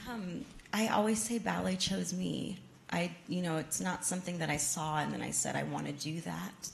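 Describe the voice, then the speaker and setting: Low, gravelly-toned woman, earnest. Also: steady tone, normal speed. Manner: thoughtful, earnest, many fillers and restarts. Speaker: guest ballet dancer answering audience questions. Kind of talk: audience Q&A talk. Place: museum event space with an audience.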